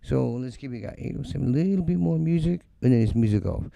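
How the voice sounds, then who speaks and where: Middle-aged guy on his music stream, super gravelly, dark voice, cussing and blunt. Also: medium pitch, fast, no echo. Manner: blunt, profane, animated, mocks others in quoted voices. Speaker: musician livestream host. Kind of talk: casual live-stream rant. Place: home studio.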